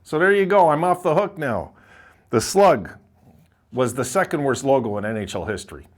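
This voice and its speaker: A man talks straight to his viewers in a loose, rambling rant about hockey jerseys. His voice sits at a middle pitch but swings widely up and down, jumping high when he mocks others and dropping low for his complaints. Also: expressive, moderate pace. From Buffalo area, Sabres fan. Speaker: hockey video host. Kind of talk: casual opinion monologue.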